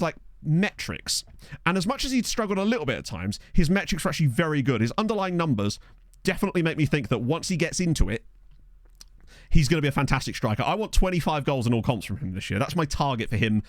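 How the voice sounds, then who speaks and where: Brief: young streamer calling his game live, chatty and joking, voice rising and falling a lot, slightly high-pitched, dry close mic. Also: no echo. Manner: chatty, joking, reacting to play. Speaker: gaming streamer. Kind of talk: live football game commentary. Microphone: studio USB microphone.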